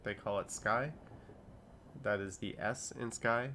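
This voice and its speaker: A man's voice: lowish voice, fairly even intonation, slow pace, pushed and bright, slight background noise. Chatty man reading live chat. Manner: chatty, reads chat comments aloud and riffs on them. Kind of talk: casual livestream chat.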